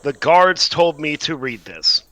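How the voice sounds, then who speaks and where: Bright-voiced man playing a tabletop game. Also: a little high, lively intonation, a little slow, dry recording. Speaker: player. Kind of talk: in-character play in a tabletop game.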